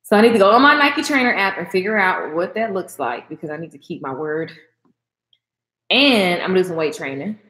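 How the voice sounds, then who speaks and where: Woman, young adult, livestream host, casual chat, lively pitch, roomy echo. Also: fairly quick. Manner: animated, talks back to comments, swings high when excited.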